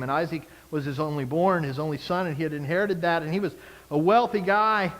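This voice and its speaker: A man preaching a sermon as a pastor, animated, acting out the people he quotes. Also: high-pitched, big-room sound.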